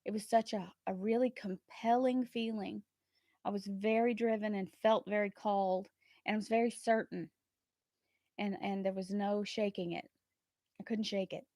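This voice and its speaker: A woman hosting a tarot livestream, talking earnestly and warmly about trust and spirit, often laughing between thoughts. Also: medium pitch, fairly even intonation, moderate pace, no echo, studio quality. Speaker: tarot reader and channel host. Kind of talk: casual livestream chat.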